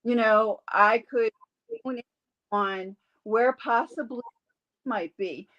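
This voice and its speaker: This woman talks like she's sharing a favorite story with a friend. She's animated and slips into little voices for the characters in her tale. Her voice sits a little higher than most. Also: slow, muffled recording. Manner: animated storyteller who acts out quoted voices. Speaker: guest, animal communicator and Reiki healer. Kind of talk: casual interview storytelling.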